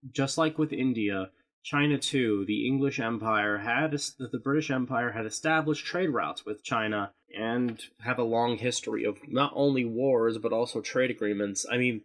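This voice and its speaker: A man's voice: mid-range voice, moderate pace. Rambling male podcast co-host. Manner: rambling and explanatory, swearing. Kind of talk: casual podcast chat.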